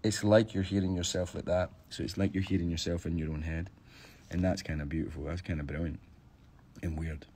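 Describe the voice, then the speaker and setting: A man's voice: low-pitched, steady tone, a little fast, mellow, slight background noise. A Scottish man, a stage actor, chatting casually on a phone live stream and answering fan questions, thinking aloud with restarts.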